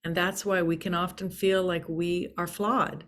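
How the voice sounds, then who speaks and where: A woman's voice: on the low side, flat delivery, measured pace, fairly bright tone. A woman hosting an inspirational spiritual talk, speaking earnestly and soothingly and repeating key phrases for emphasis. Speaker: spiritual channel host.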